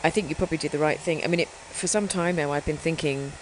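English lady host, pretty low voice, chatty and rambly with lots of ums, faint noise behind. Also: fast talker. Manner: rambling, many fillers and hedges. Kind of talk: casual radio chat.

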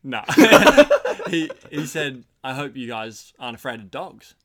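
A man's voice: mid-range voice, huge pitch swings, measured pace, a crowd in the background. A young man talking as a podcast guest in casual chat, telling a story with dry jokes. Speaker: podcast guest, host's roommate. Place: storehouse.

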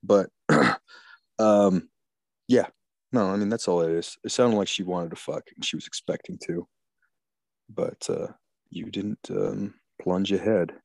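A man's voice: low voice, a little slow, gravelly, long pauses, darkish tone, no echo. A man talking in a crude, rambling, profane way in casual chat.

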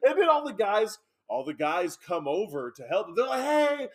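A man telling a story in casual chat, animated, swearing freely, often breaking into laughs. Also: high-pitched, normal speed, breathy edge.

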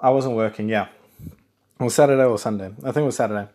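Speaking fast in a mid-range voice, this South African podcaster rambles on his own show. He's chatty, keeps fixing what he just said, and has sudden excitable bursts.

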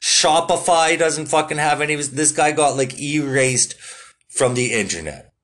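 A man's voice: fairly high pitch, measured pace, a bit bright. A man hosting a casual solo podcast, laid-back and swearing constantly, with lots of fillers. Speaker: podcast host.

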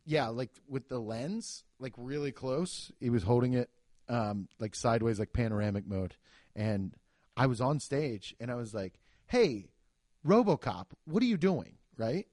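A man's voice: medium pitch, normal speed, a little mellow, dry recording, clean studio sound. A man, a comedian and podcast host, telling rambling stories full of "like" and crude jokes in casual chat.

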